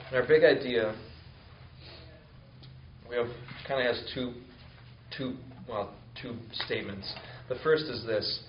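A man giving a sermon, reading scripture aloud and then explaining it in a relaxed, conversational way with fillers. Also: mid-range voice, slow pace, pauses often, slight background noise. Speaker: pastor. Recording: roomy, slightly dull sound with faint ambience.

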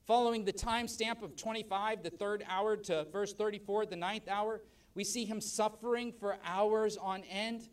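A man preaching a sermon as pastor at a church service, emphatic, swelling loud and dropping soft. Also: high voice, fairly even intonation, moderate pace, distant mic.

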